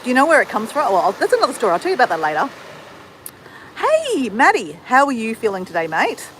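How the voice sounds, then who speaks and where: This Australian woman's voice is fairly high and swings widely in pitch as she talks very fast to her livestream audience. She greets viewers and answers comments in a casual chat outdoors in the sun, against a noisy background.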